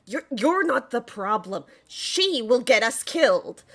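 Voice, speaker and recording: A woman voicing an angry heavy-set male innkeeper who barks his words loudly in a tabletop game. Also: fairly high pitch, big pitch swings, measured pace, pitched above the performer's own voice, full character voice. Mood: dismissive. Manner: loud, barking.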